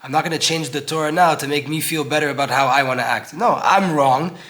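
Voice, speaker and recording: A man's voice: a little high, steady tone, fast talker, bright, forceful tone. A young man teaching an informal Torah class in an old synagogue, earnest and conversational, acting out voices when he quotes people.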